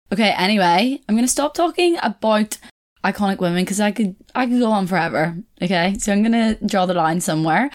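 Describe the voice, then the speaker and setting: Young female podcast host, somewhat low-pitched, loose chatty delivery that wanders and second-guesses itself. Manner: rambling, chatty, corrects herself, laughs often. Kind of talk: casual solo podcast chat.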